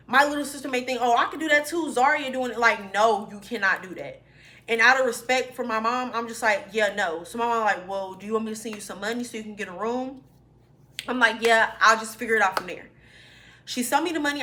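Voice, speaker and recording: A woman's voice: fairly high pitch, bright, forceful tone. A young woman, telling a personal story to her viewers in a chatty, informal way. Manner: chatty, addresses viewers as y'all. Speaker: vlogger. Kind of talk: storytime vlog.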